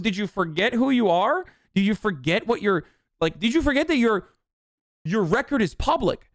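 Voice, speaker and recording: A man's voice: high voice, dry recording, clean studio sound. Profane, mocking male political streamer. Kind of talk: political commentary livestream.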